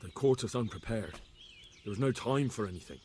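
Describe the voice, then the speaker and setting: An actor voicing a humble young commoner in a video game, speaking low and quiet with deference to his superiors. His low voice carries the weight of grief, over a faint outdoor hum. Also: expressive, fairly quick, natural voice. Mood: subdued. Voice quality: subdued, deferential delivery. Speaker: game protagonist.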